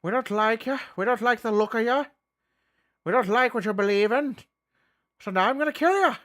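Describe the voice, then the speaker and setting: A man putting on a hostile zealot who drawls out threats. The voice is raised and mocking, higher than his usual speech. It sounds like a comic villain rather than a real one. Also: brisk, fairly bright tone. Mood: menacing.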